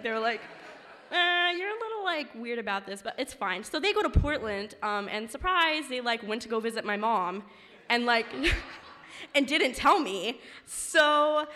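A young woman spins a personal story for a live crowd, loose and rambling with plenty of "like" and "um". Her voice sits a little high and rings bright. The sound carries a long, echoing tail from a large hall. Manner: chatty, filler-heavy, many "like"s.

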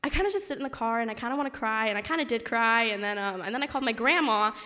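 A young woman spins a personal story for a live crowd, loose and rambling with plenty of "like" and "um". Her voice sits a little high and rings bright. The sound carries a long, echoing tail from a large hall. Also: lively intonation, racing. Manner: chatty, filler-heavy, many "like"s.

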